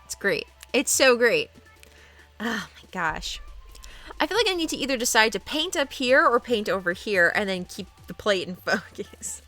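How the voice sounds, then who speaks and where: Giggly woman, casual chat, talks to her dogs, home studio, animated tone. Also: mid-range voice, moderate pace, faint music behind. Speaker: art streamer. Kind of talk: casual live-stream chat.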